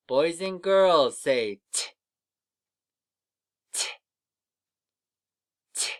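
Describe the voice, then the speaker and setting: A man teaching young children to read, leading slow, patient drills of letter sounds for an online lesson. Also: fairly high pitch, a bit bright.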